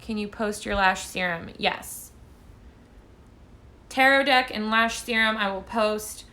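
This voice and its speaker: A woman tarot reader chats casually on a phone live stream, rambling and poking fun at herself as she answers viewers' questions. Her voice is medium in pitch, slow and sharp in tone.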